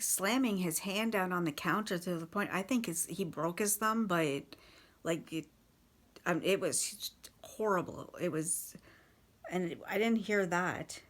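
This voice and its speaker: A woman casually recounting life with a partner's drinking, halting and swearing bluntly, with many restarts. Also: fairly low pitch, fairly bright tone. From Canada. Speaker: partner of a recovering alcoholic. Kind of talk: casual personal storytelling.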